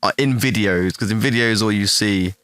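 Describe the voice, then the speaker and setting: A man's voice: fairly low pitch, moderate pace, fairly bright tone, clear, resonant tone, no echo. A young man with an English West Midlands accent, chatting on a livestream while he answers chat questions in a blunt, profane, rambling way. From England, West Midlands.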